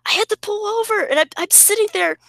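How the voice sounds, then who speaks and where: A woman's voice: extremely high pitch, quick pace, vocal fry, fairly bright tone, no room sound, voice pushed up, full character voice. A woman doing an impression of a famous male singer-pianist telling an emotional story over a video call. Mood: swept up.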